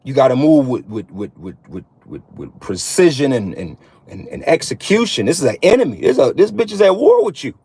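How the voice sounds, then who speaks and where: A man's voice: medium pitch, sing-song, brisk, hardly any pauses, darkish tone, breathy edge. A man giving a casual, preachy monologue to other men, cursing often and repeating himself in street slang. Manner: profane, repetitive, streetwise slang. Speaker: online preacher addressing men.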